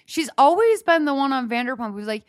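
Animated chatty woman, dry sound. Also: high-pitched, a little fast, no room sound. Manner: animated, swears a lot, heavy use of "like". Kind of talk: casual chat.

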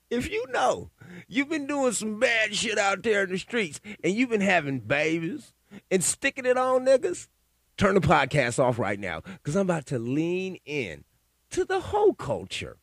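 A man's voice: high-pitched, wildly swooping pitch, unhurried, gravelly, a bit bright, dry recording, studio quality. A man hosting a solo podcast, telling stories and giving opinions in a rambling, profane, casual way. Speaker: podcast host.

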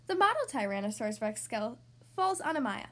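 A woman who hosts a podcast reads a picture book aloud to small children. Her voice is high and swings widely in pitch as she goes. She speaks in a friendly, animated way. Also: fast. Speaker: podcast host reading to kids. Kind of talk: storybook read-aloud.

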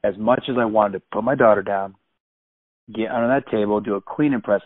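A man's voice: on the low side, breathy edge, no room sound. A man in his thirties animatedly and emphatically retelling a personal story. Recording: dry tinny phone-like sound.

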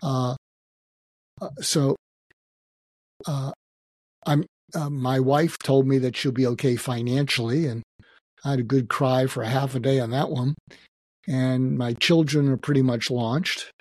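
An older man speaking as a psychiatrist guest in an interview, reflective and halting, with many restarts. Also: medium pitch, fairly even intonation, darkish tone, no room sound. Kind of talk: emotional personal interview talk.

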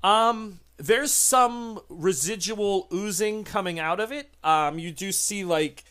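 A man running a tabletop horror game as game master, narrating lively and shouting out characters' lines now and then. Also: high-pitched, slow pace, smooth.

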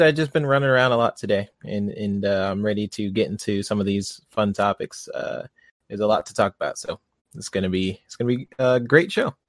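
A man's voice: mid-range voice, no echo. Laid-back man, dry sound. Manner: relaxed, hesitant, many fillers. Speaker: podcast panel member. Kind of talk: casual podcast chat.

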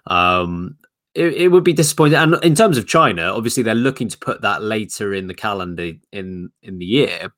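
A man's voice: on the low side, a bit bright. A man co-hosting a podcast, thinking aloud in casual chat with frequent ums and restarts. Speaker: podcast co-host.

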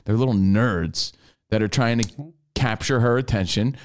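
A man hosting a radio show in casual studio talk, blunt and animated, acting out quotes as he goes. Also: mid-range voice, a little slow, a little hiss or hum.

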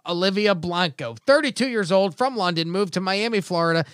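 A man's voice: high-pitched, brisk, fairly bright tone, clean tone, no echo, studio quality. A man hosting a casual comedy podcast, reading out odd news stories with wry jokes. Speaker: podcast host.

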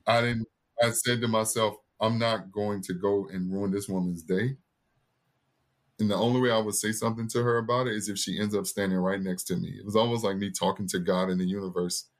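Male podcast guest, thirties, low voice, earnest storyteller who acts out the people he quotes. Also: steady tone, fairly quick. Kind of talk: personal storytelling in an interview.

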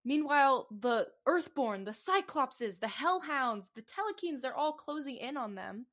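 Casting: woman co-host, somewhat high voice, lively reader. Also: measured pace, hardly any pauses. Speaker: podcast co-host. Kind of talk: casual chat and reading aloud.

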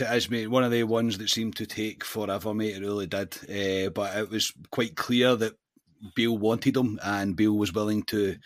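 A Scottish man co-hosting a football podcast, animated and chatty, dropping "mate" into nearly every sentence. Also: lowish voice, dry recording, studio quality. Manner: animated storyteller, says "mate" constantly. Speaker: podcast co-host. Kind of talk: casual football chat.

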